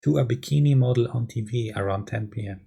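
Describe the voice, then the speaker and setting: A man voicing an angry, nagging middle-aged wife who scolds and mocks in a shrill tone. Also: quick pace, gravelly, dark tone, husky. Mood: angry scolding.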